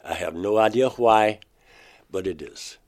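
A man being interviewed, telling of a personal experience in a halting way, often restarting words. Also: fairly low pitch, darkish tone. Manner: halting, restarts words, rises sharply when quoting himself. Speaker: interviewee, painter.

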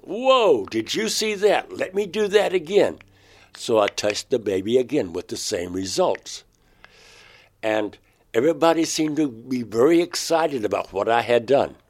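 A man being interviewed, telling of a personal experience in a halting way, often restarting words. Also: on the low side, darkish tone. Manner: halting, restarts words, rises sharply when quoting himself. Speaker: interviewee, painter.

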